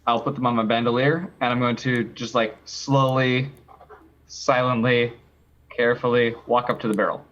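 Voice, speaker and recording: Male player, level and deliberate. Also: mid-range voice, little pitch movement, a bit bright, lo-fi sound. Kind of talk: tabletop role-play chat.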